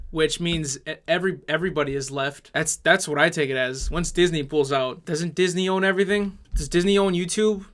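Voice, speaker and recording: A man's voice: fairly high pitch, fairly bright tone. A man delivering an angry, sarcastic YouTube commentary rant, swearing heavily.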